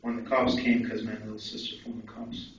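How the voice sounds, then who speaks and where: A man's voice: on the low side, a little fast. Man telling his story in an echoey hall. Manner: candid, animated storytelling with asides to the crowd. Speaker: conference speaker. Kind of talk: personal story told to an audience. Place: conference hall. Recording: echoey hall from far off, dull and faintly noisy.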